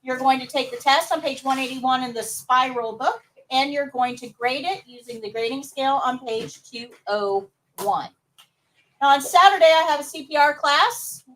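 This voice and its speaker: A woman's voice: sits high, moderate pace, a bit bright, recorded from a distance, slight background noise, rough recording. A woman teaching nursing assistant students in a live class, upbeat and coaxing answers from them.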